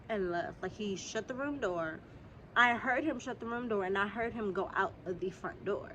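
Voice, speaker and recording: A young woman, telling a casual storytime vlog straight to her viewers. She is a little sick and keeps clearing her throat, and her talk is animated and full of swearing. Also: mid-range voice, slight background noise. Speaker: vlogger. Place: outdoors.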